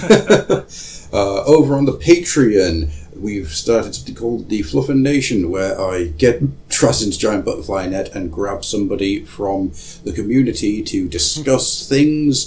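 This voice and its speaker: A man's voice: fairly low pitch, lively intonation, unhurried, darkish tone, low-quality recording. A man hosting a podcast in a casual, jokey, self-mocking way and swearing freely. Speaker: podcast host.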